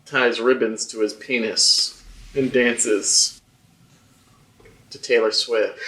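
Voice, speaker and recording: Deadpan man cracking jokes off-mic. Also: medium pitch, slow pace, pauses often, recorded from a distance, a little hiss or hum. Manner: deadpan punchlines. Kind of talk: joking banter.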